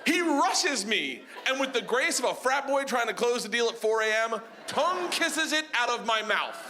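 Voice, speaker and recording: A man doing stand-up, telling a wild story in a loud, animated way, jumping into shouts on the punchlines, recorded live on a club stage. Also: extremely high pitch, moderate pace. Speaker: stand-up comedian. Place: comedy club stage before a laughing audience. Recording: live club recording with audible audience noise.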